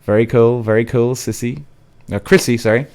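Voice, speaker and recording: The voice is medium-pitched, steady, smooth and a little mellow, at a moderate pace. It belongs to a Cork man with an Irish accent who hosts a live podcast, bluntly and wearily reading viewer comments and swearing freely in casual live-stream talk.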